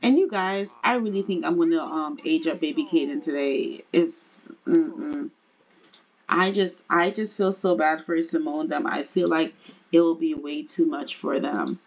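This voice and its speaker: Woman game streamer, slow chatty commentary, husky voice. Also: deep voice, lo-fi sound. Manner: chatty, laughs often, addresses viewers. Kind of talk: casual gameplay commentary.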